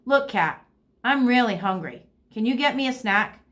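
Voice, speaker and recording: A woman reading as a bossy little bird girl, hungry, pouting, demanding, a bit higher, storybook read-aloud. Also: lively intonation, moderate pace, fairly bright tone.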